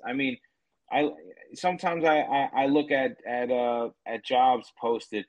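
A man's voice: mid-range voice, a little slow. Blunt, swearing podcast man. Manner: blunt, mocking, swears freely. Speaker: podcast co-host. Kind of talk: casual profane chat.

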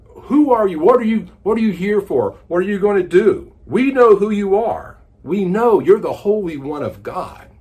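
A frantic unclean spirit shrieks out its defiance in a high, loud, urgent voice, as a man puts it on while telling the story. The cries rise and fall in wide, animated swings. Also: moderate pace, husky. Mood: alarmed, defiant. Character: agitated unclean spirit crying out in a synagogue.

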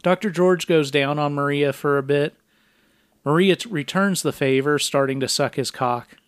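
A man with a clean, resonant voice walks through a movie's scenes for a podcast, plain and matter-of-fact. His voice sits a bit high for a man. The sound is close and dry, with no room around it. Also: normal speed, smooth, no echo. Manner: recounting scenes in a flat, matter-of-fact play-by-play. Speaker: podcast co-host. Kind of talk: casual film recap podcast.

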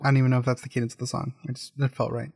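A man's voice: mid-range voice, flat delivery, rapid-fire, vocal fry, darkish tone, breathy edge, no echo, clean studio sound. A young man co-hosting a podcast, joking around and laughing often in casual chat. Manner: joking, laughs often, breaks into silly bits. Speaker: podcast co-host.

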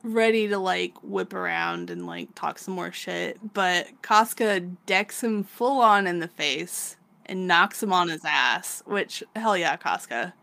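A woman's voice: fairly low pitch, animated, unhurried, gravelly, hardly any pauses, bright, forceful tone. A woman co-hosting a podcast, casually recapping a manga, laughing often and swearing freely as she acts out the characters. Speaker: podcast co-host.

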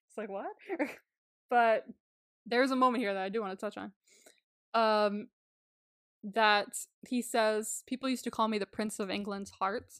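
A woman's voice: a little high, slow pace, long pauses, dry recording, clean studio sound. A young woman co-hosting a podcast, chatting casually, laughing often and swearing freely as she gushes. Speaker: podcast co-host. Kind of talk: casual chat.

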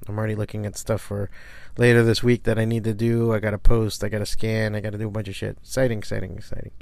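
A man's voice: fairly low pitch, vocal fry, darkish tone. A middle-aged man hosting his own podcast from his studio, rambling casually and swearing freely with self-deprecating humor. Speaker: podcast host, comic shop owner. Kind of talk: casual solo podcast talk.

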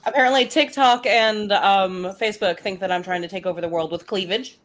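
A woman's voice: mid-range voice, brisk. A woman co-hosting a casual group chat, playful and leading the talk. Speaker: podcast co-host.

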